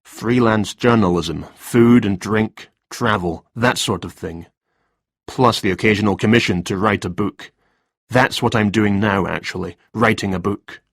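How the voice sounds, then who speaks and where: A man's voice: fairly low pitch, measured pace, dry recording, studio quality. A man doing a flustered, rambling writer. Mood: subdued. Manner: hesitant, rambling and defensive. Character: nervous, flustered middle-aged male writer.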